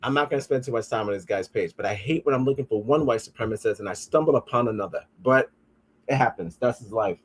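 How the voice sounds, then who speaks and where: A man's voice: mid-range voice, fast talker, husky. A man hosting a podcast, riffing in a casual, profane way and reading comments aloud. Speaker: podcast host.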